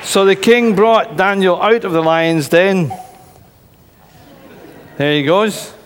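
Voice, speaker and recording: A man telling a Bible story to a church congregation in an animated storytelling way. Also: high-pitched, takes it slowly, a faint crowd. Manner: animated storytelling, voices characters. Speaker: preacher. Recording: reverberant church hall.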